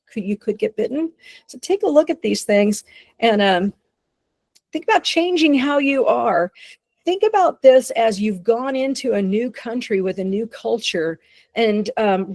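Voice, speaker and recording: A dog behavior consultant with a Texan accent gives a conversational webinar presentation, often restarting sentences and acting out what dogs are thinking. Her voice is medium-pitched and a little mellow, with no room sound.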